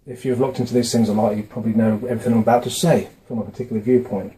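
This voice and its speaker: A man talking casually to camera from his notes, often pausing with fillers and restarting his words. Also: medium pitch, little pitch movement, mellow, a little hiss or hum, low-quality recording. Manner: hesitant, with frequent fillers and restarts. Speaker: video maker explaining a religious topic. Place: indoors, dim room. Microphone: camera mic, facing camera.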